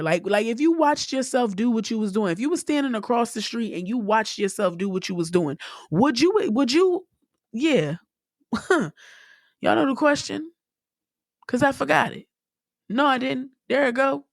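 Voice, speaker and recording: A woman's voice: on the high side, lively intonation, normal speed, no echo, studio quality. A young woman, hosting a casual solo podcast and talking bluntly and profanely, laughing often. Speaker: podcast host.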